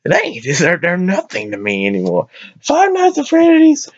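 A man giving casual let's-play commentary on a horror game, excitable and prone to yelping and shouting at the screen. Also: high-pitched, normal speed, no room sound, highs cut off. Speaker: gameplay commentator.

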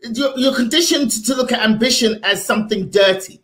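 A woman's voice: a little high, fairly quick, roomy sound. A woman comedian from Africa, chatting casually as a guest and laughing often. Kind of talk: casual chat.

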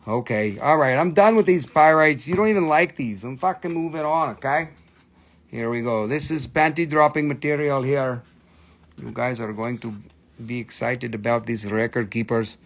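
Male live-stream seller, gravelly and profane, pushy and excitable with his buyers. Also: medium pitch, moderate pace. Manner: excitable, swears freely, coaxes viewers to buy. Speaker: host selling crystals on a live stream. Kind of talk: live sales stream chat.

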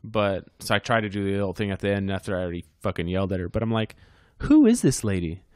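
A man in his thirties co-hosts a casual podcast, speaking in a low voice as he tells a heated story full of swearing. His sound is dry and close, with almost no room. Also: big pitch swings, fast talker, darkish tone, no echo. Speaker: podcast co-host.

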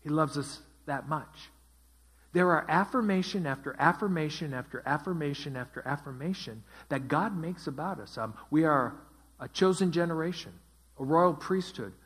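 A man's voice: fairly high pitch, fairly bright tone, breathy edge. A man teaching a Bible study as pastor, asking his group questions and repeating their answers. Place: church.

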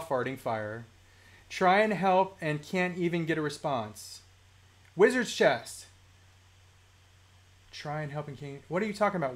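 Male stream host, higher voice with lively swings, heated and chatty. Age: adult, works a day job. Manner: animated, ranting, reads chat comments aloud. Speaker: toy collecting livestream host. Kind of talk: casual livestream chat.

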